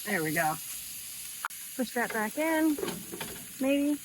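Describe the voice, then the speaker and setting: Casual cooking vlogger, a woman with a fairly high voice, talking through each step outdoors. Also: big pitch swings, takes it slowly, noisy background. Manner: chatty, thinking aloud while cooking. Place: outdoors by a camper.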